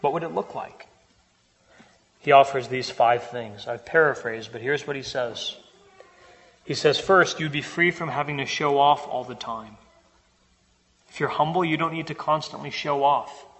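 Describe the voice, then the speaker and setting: A pastor delivers a sermon in a relaxed, conversational way, often turning to rhetorical questions. His voice sits at an ordinary middle pitch. The sound rings out with the long reverb of a large hall. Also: normal speed, long pauses.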